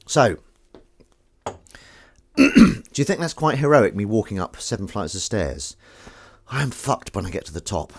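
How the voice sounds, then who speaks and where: A man's voice: low voice, noisy background. A man chatting casually while he does the washing up, rambling, jokey and self-mocking, with the odd swear word. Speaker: host doing the washing up on a live stream.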